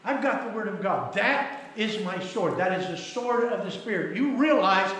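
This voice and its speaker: Folksy preacher man, high voice, echoey hall. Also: lively intonation, moderate pace, fairly bright tone. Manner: folksy storytelling with acted quotes. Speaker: pastor. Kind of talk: sermon. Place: church sanctuary. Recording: very echoey church hall, faint noise.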